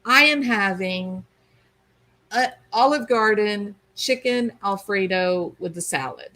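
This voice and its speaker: A woman's voice: mid-range voice, animated, slow pace, pushed and bright, rough recording. A woman hosting a livestream, chatting casually and reading viewer comments aloud. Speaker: livestream host reading chat. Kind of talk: casual chat.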